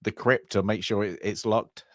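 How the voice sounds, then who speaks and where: A man's voice: lowish voice, fairly even intonation, moderate pace, dry recording, clean studio sound. A man co-hosting a casual film discussion, rambling and trailing off as he recalls scenes. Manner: rambling, trails off, quiet laughs. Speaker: film review co-host.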